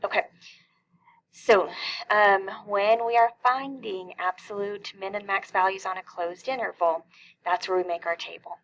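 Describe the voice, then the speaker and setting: A woman's voice: mid-range voice, fairly even intonation, unhurried, fairly bright tone, dull audio. A middle-aged woman teaching a calculus lesson, explaining each step and asking questions that she then answers herself. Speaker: math teacher.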